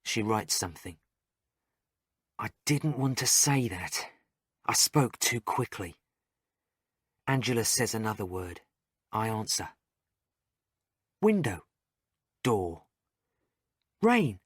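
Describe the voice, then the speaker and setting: A man's voice: lowish voice, measured pace, long pauses, fairly bright tone, husky, dry recording, studio quality. A man narrating a graded-reader story for English learners in a plain, carefully spaced way, with short sentences.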